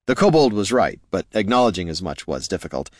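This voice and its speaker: A man narrating a fantasy story aloud in expressive scripted narration. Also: sits low, brisk, no echo, clean studio sound. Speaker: audiobook narrator.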